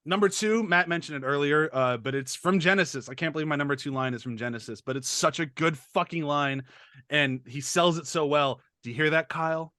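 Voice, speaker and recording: Bright, excitable man gushing on a podcast. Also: on the high side, a little fast, dry recording, studio quality. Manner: enthusiastic, laughs often, swears casually. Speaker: podcast co-host. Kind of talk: casual chat.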